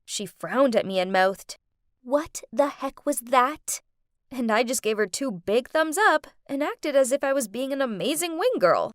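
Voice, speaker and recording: Casting: young woman, chatty animated-story narration, bright higher voice, very animated. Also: no room sound, clean studio sound. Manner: lively, chatty teen-girl storytelling with quick pitch jumps. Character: chatty teenage girl narrator.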